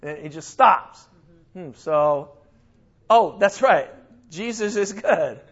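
High-voiced man teaching the Bible, lo-fi. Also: slow. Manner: lively, exclaims and self-corrects often.

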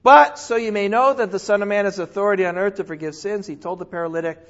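Male Bible teacher, high voice, animated with sudden exclamations and self-corrections, dull lo-fi recording. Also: fast.

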